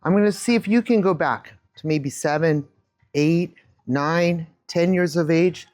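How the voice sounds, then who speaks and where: Animated woman in her fifties telling a story. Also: on the low side, a little slow. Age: 50s. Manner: animated storyteller, acts out quotes. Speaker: keynote speaker. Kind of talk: storytelling keynote talk. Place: room with a live audience. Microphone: handheld mic.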